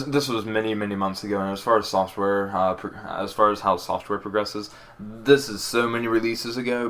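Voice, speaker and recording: Lowish-voiced man joking and stumbling. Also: a bit bright. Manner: joking, halting with repeated false starts. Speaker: podcast co-host. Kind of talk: casual chat.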